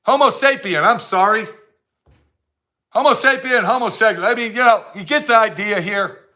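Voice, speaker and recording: A man's voice: high-pitched, moderate pace, bright, forceful tone. A man delivering a heated, blunt ranting monologue to camera, repeating his points for emphasis. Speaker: vlogger.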